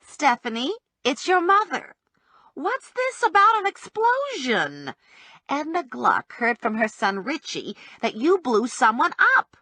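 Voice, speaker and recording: A woman doing a shrill, fretful older mother. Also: very animated, slow, bright, forceful tone, no room sound, full character voice. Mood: alarmed. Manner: fretful, insistent questioning. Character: anxious, shrill older mother on a phone message.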